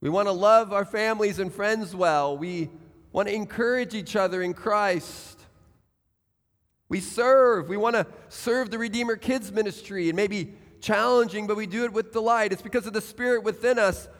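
A man's voice: high voice, normal speed, fairly bright tone. A man preaching a sermon as pastor, speaking earnestly and putting direct questions to his congregation. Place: church sanctuary. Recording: church hall with long reverb.

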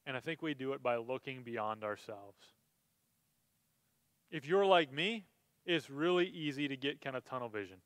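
A man's voice: medium pitch, animated, moderate pace, long pauses, fairly bright tone, no echo. A male pastor preaching a sermon in a conversational way, building to emphatic, impassioned stretches.

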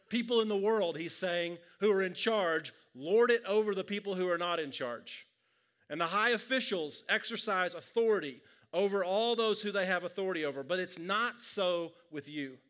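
A man preaching a sermon in a relaxed, conversational way, often checking in with the listeners. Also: high voice. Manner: conversational preaching, asides like "right?". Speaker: pastor.

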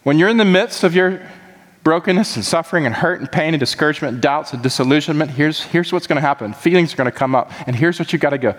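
A man's voice: a little high, quick pace, long reverb tail. A man who is a pastor, preaching a sermon with impassioned, repetitive emphasis that keeps building.

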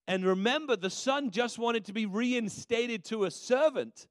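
A man's voice: very high-pitched, measured pace, few pauses, dry recording. A man preaching a sermon as a minister, telling a story in a conversational way with frequent restarts.

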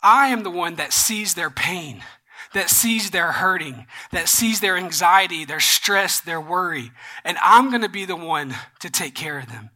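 A pastor preaching a sermon, retelling a Bible story in a casual, animated way with slangy asides. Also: mid-range voice, measured pace.

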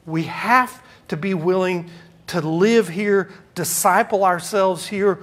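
Male pastor, preaching, emphatic with soft asides. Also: sits high, slow. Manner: swings from loud emphatic preaching to quiet asides. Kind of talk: sermon.

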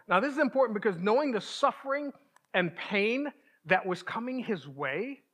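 A man with a voice pitched well above most men delivers a sermon in a relaxed, conversational way. He sounds earnest and plain-spoken, and he keeps checking in with his listeners as he explains. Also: normal speed. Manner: informal, earnest, asks the listeners "right?". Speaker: preacher.

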